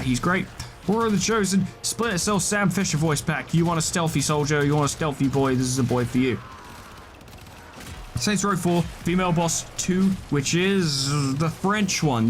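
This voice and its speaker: A man rambling casually as he commentates a video game list, tossing out quick offhand verdicts and the odd swear. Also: fairly high pitch, slight background noise. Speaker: gaming video creator.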